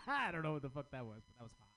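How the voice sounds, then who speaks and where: A man's voice: on the high side, creaky, pushed and bright. Rambling man giving crude feedback. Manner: rambling, hesitant, full of crude riffs. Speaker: fellow comedian giving feedback. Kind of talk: casual chat.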